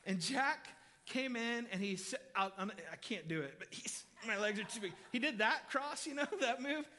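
A male pastor delivers a sermon in a high, ringing voice. He tells stories in a lively, conversational way and keeps turning to the congregation with direct questions. His tone stays bright and forceful throughout. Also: normal speed. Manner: animated, chatty, addresses the congregation directly. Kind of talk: sermon with personal storytelling.

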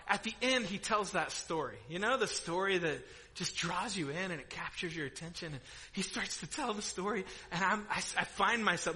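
A middle-aged male pastor preaching in a church auditorium, telling a story with animated energy, laughing and breaking into loud outbursts. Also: high-pitched, poor audio. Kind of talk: sermon.

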